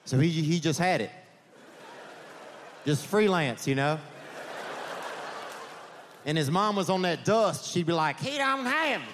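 A male comedian working a theater crowd, his slightly high voice wandering through loose, rambling stories. He sprinkles "man" and "you know" everywhere. The stage mic picks up a long hall reverb and a faint hum of the room behind him. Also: takes it slowly, long pauses. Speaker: stand-up comedian. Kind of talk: stand-up comedy set.

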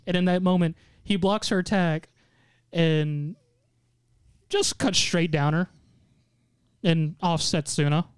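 Host, male, upper-pitched, smooth dry voice, animated storyteller recapping an episode. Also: slow, pauses often, no echo. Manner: animated storytelling, mock quotes in put-on voices, frequent laughter. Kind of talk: casual recap chat.

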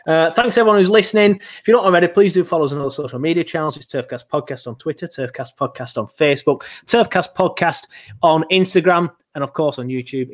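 Young male podcast host, high register, dry mock-complaints. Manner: sarcastic, grumbling mock complaints. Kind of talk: casual podcast banter.

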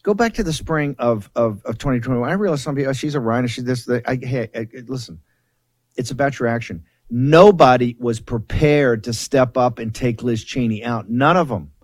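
A man's voice: mid-range voice, fairly quick, darkish tone, no echo. A male talk-show host who speaks emphatically and keeps repeating key phrases. His voice sits dry and close to the mic, with no room sound around it. He cuts in on his guest. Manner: emphatic, repetitive, interrupts guest.

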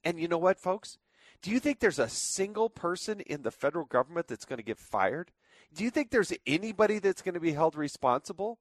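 A man's voice: fairly high pitch, sing-song, brisk, no echo. A man hosting a talk radio show, delivering indignant commentary full of rhetorical questions. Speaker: fill-in radio host.

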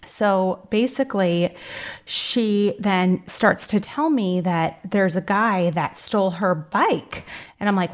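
Animated woman host telling a story. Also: medium pitch, takes it slowly. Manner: animated, emphatic, acts out quoted lines. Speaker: podcast host. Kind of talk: casual storytelling.

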